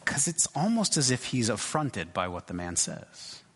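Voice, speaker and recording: A pastor preaches to his congregation in a husky voice of middle pitch. He talks conversationally, stumbling and restarting often. His words ring out in a long hall reverb. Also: big pitch swings, a bit bright. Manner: conversational, halting, many restarts and asides. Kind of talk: sermon.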